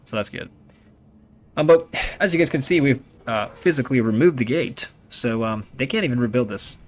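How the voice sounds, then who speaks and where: A man's voice: mid-range voice, animated, moderate pace. A young man giving casual, rambling commentary over his own strategy gameplay, chatty and full of fillers and restarts.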